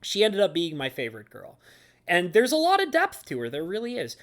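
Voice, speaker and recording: A man's voice: high voice, huge pitch swings, brisk, a bit bright. Male anime reviewer, casual and rambling, gushing with filler words. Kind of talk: casual talk to camera.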